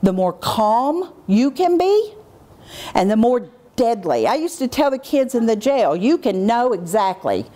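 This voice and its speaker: This is a workshop lecture for teachers, given by an animated middle-aged woman. She demonstrates her words to kids by lowering her voice and slowing it into a measured tone.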